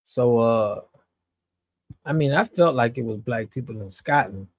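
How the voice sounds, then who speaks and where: A man's voice: medium pitch, expressive, unhurried, dry recording. An American man hosting, giving earnest reaction commentary with repeated restarts. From United States. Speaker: host.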